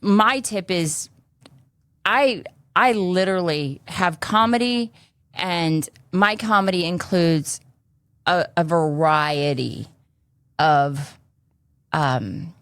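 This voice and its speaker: A woman's voice: lowish voice, no echo, studio quality. A woman hosting a podcast in candid casual chat, blunt and salty, cussing freely. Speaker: podcast host.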